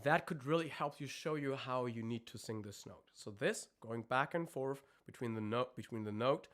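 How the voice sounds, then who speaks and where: A man coaches singers during a live stream, speaking haltingly and groping for words. He stops now and then to demonstrate screams and other vocal sounds. His voice is mid-range with a fairly bright tone.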